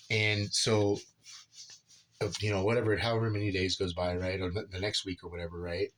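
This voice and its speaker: A man's voice: low-pitched, little pitch movement, brisk, a bit bright, slight background noise. A man rambling casually through a personal story about his son, filling his talk with "right?" and "dude". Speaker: father telling a personal story.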